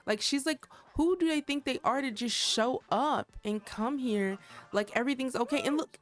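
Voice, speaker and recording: A woman's voice: sits high, normal speed. Chatty young woman commenting on gameplay. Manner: chatty, talks straight to viewers. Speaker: gaming creator.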